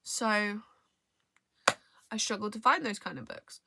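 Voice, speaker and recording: A woman's voice: medium pitch, unhurried, gravelly, noisy background. A young woman vlogging about books in casual chat, rambling, often trailing off and restarting her sentences. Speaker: book vlogger. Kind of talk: casual book review chat.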